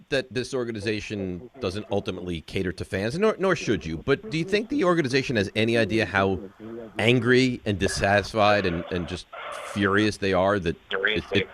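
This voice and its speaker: A man's voice: lowish voice, lively intonation, brisk, crowd noise. A man hosting a sports radio show, teasing his guest in a needling, playful way. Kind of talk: casual radio chat.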